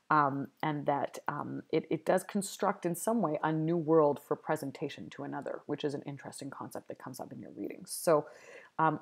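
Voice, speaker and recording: Low-voiced woman lecturing, full of ums. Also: vocal fry. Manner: hesitant, many ums and restarts. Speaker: university lecturer. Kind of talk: recorded video lecture.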